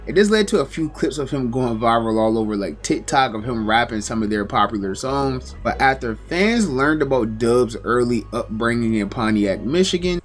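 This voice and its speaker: Man, scripted narration, animated inflection, light music bed. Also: medium pitch. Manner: storytelling recap with lively inflection. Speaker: narrator of a commentary video.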